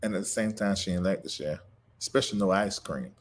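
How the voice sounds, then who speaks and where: With a deep voice and a quick pace, the man running this livestream preaches emotionally to his audience. Laughing through grief, he reads viewer comments aloud and greets the people who wrote them.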